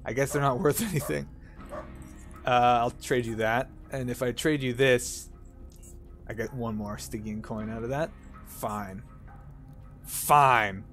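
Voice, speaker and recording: A man's voice: medium pitch, steady tone, moderate pace, soft background music. A Canadian man hosting a let's play, chatty and self-mocking as he plays.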